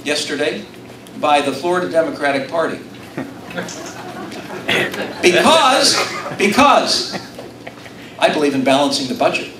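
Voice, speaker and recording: A man's voice: on the high side, animated, a little slow, pauses often, distant mic, crowd noise. A middle-aged man from Utah gives a rousing campaign speech to a live audience in an event room, mixing self-deprecating jokes with appeals. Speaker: political candidate. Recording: echoey room, recorded from afar.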